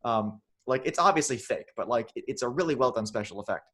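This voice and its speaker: A man retells a film in casual podcast chat. He rambles and restarts, sometimes slipping into exaggerated voices for the characters. His voice sits at an ordinary middle pitch. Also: lively intonation, quick pace, fairly bright tone, slightly rough. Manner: rambling, many restarts, acts out lines in funny voices. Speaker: podcast co-host.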